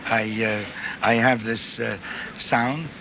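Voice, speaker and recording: An older male writer with a New York accent, chatting wryly in an interview and pausing often. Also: medium pitch, steady tone, creaky. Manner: chatty, wry, halting with fillers. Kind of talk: archive interview. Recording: noisy archive recording.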